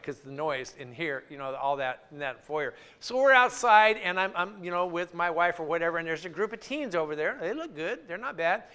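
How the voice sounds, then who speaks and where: A man's voice: a little high, sharp tone, clean tone. A man giving an informal church talk, conversational, often repeating words and restarting his sentences. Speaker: church speaker. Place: church sanctuary.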